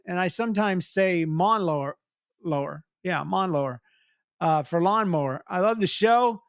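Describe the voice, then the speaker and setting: A man's voice: sits high, fairly bright tone, clear, resonant tone, no room sound, studio quality. A man hosting a podcast, chatty and teasing in casual comedic talk. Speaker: podcast host.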